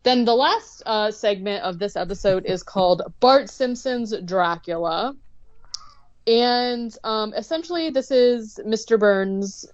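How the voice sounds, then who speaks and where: A woman's voice: a little high, slow, muffled recording. A woman co-hosting a podcast, casually recapping an episode and padding her sentences with "like" and "um". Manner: chatty, leans heavily on "like" and "um". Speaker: podcast co-host.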